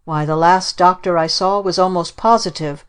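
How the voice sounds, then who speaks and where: A woman's voice: lowish voice, fairly even intonation, moderate pace, smooth, lightly acted. A woman reading the part of a fretful mother who confides her worries about her boy in an audiobook.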